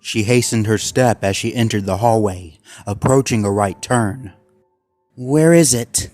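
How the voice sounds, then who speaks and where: A man reading a horror fan story aloud in a measured, ominous way. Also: on the low side, fairly even intonation, a little mellow, dry recording. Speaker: narrator. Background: faint background music.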